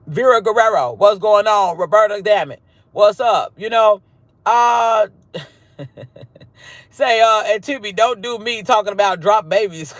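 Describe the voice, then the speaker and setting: A man hosting a casual livestream roll call, profane, swinging between loud greetings and low mutters. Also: no echo. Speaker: livestream host.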